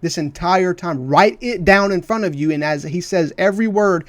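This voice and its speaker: A man's voice: high-pitched, normal speed, no echo. A man commenting on a clip of his own debate, talking emphatically and repeating phrases for stress. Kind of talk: heated commentary over a clip.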